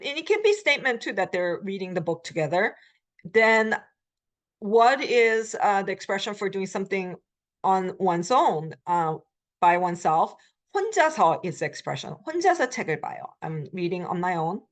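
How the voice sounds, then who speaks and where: A woman teaching a beginner language lecture, explaining step by step, with frequent filler pauses while she models short phrases. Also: mid-range voice, animated, fairly bright tone. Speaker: Korean language instructor.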